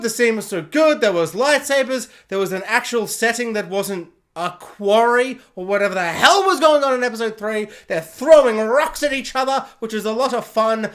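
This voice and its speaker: Bright, sharp-toned male reviewer, sarcastic rant delivery, lively mock voices. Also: very high voice. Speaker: YouTube reviewer. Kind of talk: ranting spoilers review.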